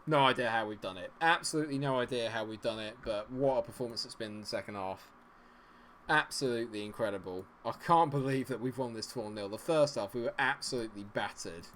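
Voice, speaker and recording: A man commentating live on his own football management game. He is dry and sarcastic, and his mid-pitched voice sits over a faint hiss of background noise. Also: a little fast, a bit bright. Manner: exasperated, sarcastic, swings from grumbling to cheering. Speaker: gaming streamer.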